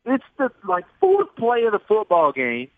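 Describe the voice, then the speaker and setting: A man's voice: high voice, huge pitch swings, moderate pace, no room sound. Man on a phone line. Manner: storytelling, self-deprecating, chatty. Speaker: sportscaster guest. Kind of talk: phone-in radio interview.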